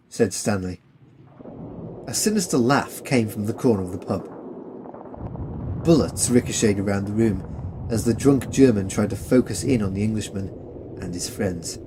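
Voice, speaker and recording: Man, audiobook narrator, low voice, steady reading, faint hiss. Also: normal speed, low-quality recording. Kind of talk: storybook narration.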